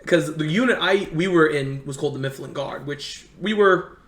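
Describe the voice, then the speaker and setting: A young man in casual chat, telling a long story in an animated way and acting out what others said. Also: a little high. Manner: animated, fast storyteller who acts out quotes. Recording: roomy echo.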